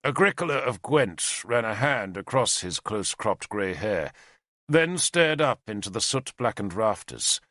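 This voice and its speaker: A man's voice: on the low side, big pitch swings, measured pace, a bit bright, no echo, clean studio sound. A man narrating an audiobook expressively, voicing every character. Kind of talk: scripted narration.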